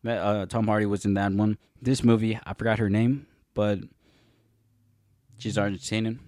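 A young man talks casually about upcoming films in a fairly low voice. He rambles, stops to fix his slips and loses names along the way. The sound is dry and close, with no room echo. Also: level tone, normal speed, darkish tone. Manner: rambling, often corrects himself and loses names. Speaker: podcast co-host. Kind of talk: casual movie podcast chat.

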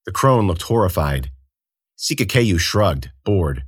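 A man narrating a fantasy audiobook in a measured storytelling manner. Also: low-pitched, no room sound, clean studio sound.

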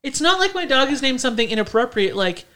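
A woman co-hosting a podcast, talking in an animated, profane way with laughing asides. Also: high-pitched, fast talker. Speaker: podcast co-host. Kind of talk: casual chat, reading a story aloud.

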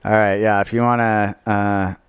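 Sardonic swearing podcast dude. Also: male voice, lowish voice, flat delivery, moderate pace, clean tone, no room sound, clean studio sound. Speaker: podcast co-host. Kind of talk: casual chat.

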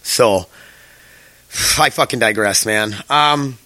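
A young man talking through his solo podcast with a bright, forceful tone that carries. He rambles, stumbles over words and swears freely. The sound is close and dry, with no room around it. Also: medium pitch, very slow, dry recording. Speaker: podcast host. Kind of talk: casual solo podcast chat.

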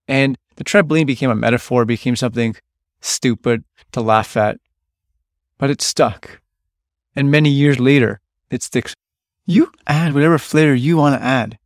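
Male podcast host, mid-pitched, lively storyteller, dry close mic. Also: moderate pace, no echo. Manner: animated storyteller, quotes coworkers in loud bursts. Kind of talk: storytelling monologue.

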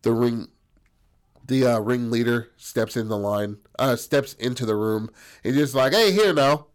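Young man, casual storytelling, rambling, profane, lots of fillers, mid-pitched. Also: steady tone, measured pace, darkish tone.

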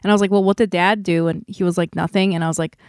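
A woman's voice: on the low side, steady tone, rapid-fire, a little mellow, dry recording, clean studio sound. A woman hosting a podcast, talking in a blunt, emphatic way with lots of swearing. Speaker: podcast host. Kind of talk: casual chat.

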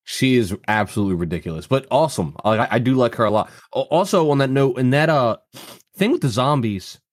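A man co-hosting a casual chat, relaxed, swearing and acting out quotes. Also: medium pitch, a little fast, dry recording, studio quality. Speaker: podcast co-host.

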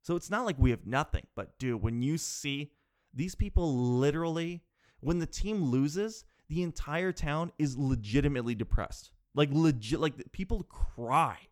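A man talking in a rambling, animated way, asking himself rhetorical questions and swearing casually. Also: a little high, moderate pace. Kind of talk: casual chat.

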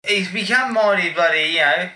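A man chatting casually about a film, animated and quick to joke. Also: high voice. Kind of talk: casual film review chat. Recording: roomy with loud noise.

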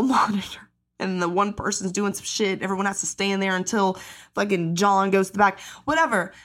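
A woman's voice: mid-range voice, a bit bright. A woman in her twenties talks her way through a podcast episode in loose, casual chat. She acts out the people she quotes, swears freely, and fills her speech with fillers. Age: 20s. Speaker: podcast host.

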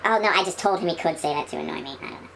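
Lower-voiced woman telling stories. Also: rapid-fire, creaky, a little hiss or hum. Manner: animated storyteller, drops to mumbled asides. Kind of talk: casual chat.

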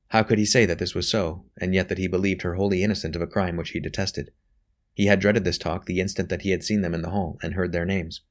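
A man narrating an audiobook with a steady, even reading of a historical novel. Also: low voice. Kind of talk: scripted narration.

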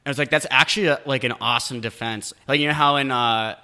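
A young man in his twenties co-hosting a podcast, joking in a quick, rambling way with many restarts. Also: medium pitch, steady tone, sharp tone, clear, resonant tone. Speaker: podcast co-host. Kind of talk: casual chat.

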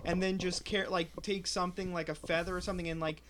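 A man's voice: high voice, flat delivery, quick pace, fairly bright tone, a little hiss or hum. A man co-hosting a casual podcast chat, giving easygoing, half-joking advice. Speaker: podcast co-host.

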